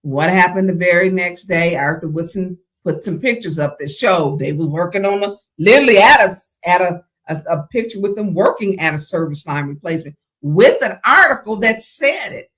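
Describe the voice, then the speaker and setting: A woman's voice: on the low side, expressive, moderate pace, few pauses, fairly bright tone. A woman hosting a call-in talk show, friendly and laughing but firm about keeping time. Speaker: host.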